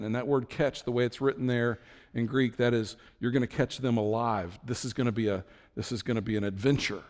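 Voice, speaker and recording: A man preaching a sermon, telling the story with lively swings from low, quiet asides to high, excited bursts. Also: fairly quick, big-room sound. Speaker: pastor.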